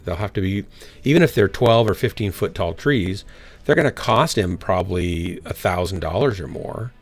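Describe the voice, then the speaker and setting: A man's voice: fairly low pitch, lively intonation, normal speed, soft background music. A man streaming a game and telling a rambling story in casual chat, full of fillers and restarts. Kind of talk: casual chat while gaming.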